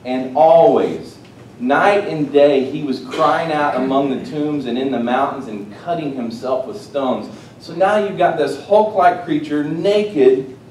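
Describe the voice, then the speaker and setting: A man preaching a sermon, swinging between loud, excited exclamations and hushed, quiet asides. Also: measured pace. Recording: roomy, distant mic with faint rumble.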